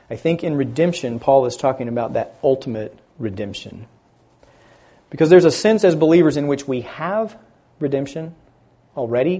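A man preaching a sermon, building loud on key words and dropping quiet at the ends of phrases, stressing scripture slowly. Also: medium pitch, husky. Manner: slow, deliberate emphasis on scripture phrases.

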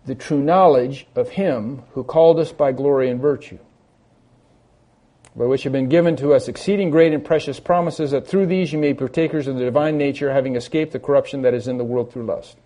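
A man's voice: medium pitch, normal speed, dark tone. A man preaching a sermon in an earnest, emphatic way, often restarting his phrases as he explains a scripture passage. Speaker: pastor.

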